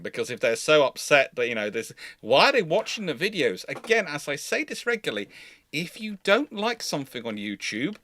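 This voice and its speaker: A man's voice: fairly high pitch, sharp tone, dry recording. Man hosting a rambling live Q&A. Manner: rambling anecdotal storytelling, acts out quotes. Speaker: host. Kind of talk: live naval history Q&A stream.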